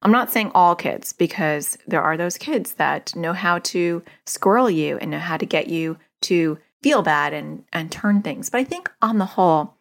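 Middle-aged woman giving parenting advice, kinda low voice, animated, acts out what the kids say. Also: normal speed, vocal fry, few pauses. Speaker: parenting coach answering a listener. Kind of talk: casual advice talk.

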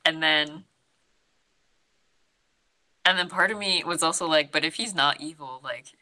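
Low bright-voiced woman retelling a story. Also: unhurried, low-quality recording. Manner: storytelling with frequent "like" and acted-out quotes. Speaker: co-host recapping a horror film. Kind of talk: casual chat.

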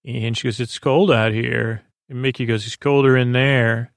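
A man at a middle pitch with a gravelly, creaky edge, rambling through a casual plot recap. He leans on "uh" and "she goes" as he retells each scene. The sound is dry and close, with no room around it. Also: steady tone, normal speed, no echo. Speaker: podcast host.

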